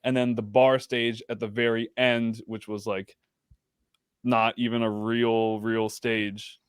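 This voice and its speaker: A man's voice: lowish voice, little pitch movement, slow pace, smooth, no echo, studio quality. A man guest on a podcast chatting casually, rambling with lots of "like" and "um". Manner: rambling, full of "like" and "um". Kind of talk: casual chat.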